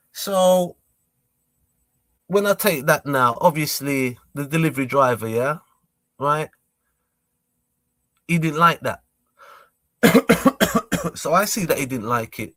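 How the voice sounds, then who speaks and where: A man's voice: a little high, slow pace, long pauses, dry recording. A young man tells a story casually, acting out a heated argument with lots of repeats and quoted lines. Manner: animated, repetitive, acts out confrontations. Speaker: vlogger.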